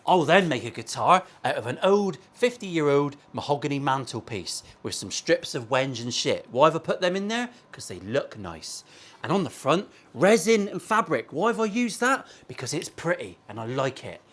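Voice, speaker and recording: A man's voice: fairly high pitch, very animated, moderate pace, a bit bright. A man, a guitar maker and channel host, ranting bluntly and profanely in a casual opinion vlog from his workshop.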